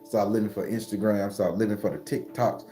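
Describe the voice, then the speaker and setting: Soft music plays behind a man in his 40s who delivers a loose, foul-mouthed pep talk on his spiritual channel. He talks a little fast, and his pitch often climbs high with excitement.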